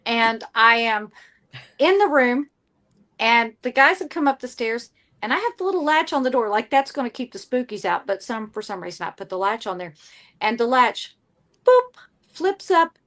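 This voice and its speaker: Woman, Southern accent, high voice, animated guest storyteller. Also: normal speed. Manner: animated, loud storyteller, playful put-on voices. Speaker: podcast guest, paranormal investigator. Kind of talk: casual chat.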